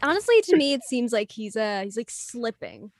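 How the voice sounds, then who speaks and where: A woman's voice: fairly high pitch, sing-song, normal speed, no room sound. A woman co-hosting a podcast, chatting casually about a movie, laughing often and saying "like" a lot. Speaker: podcast co-host.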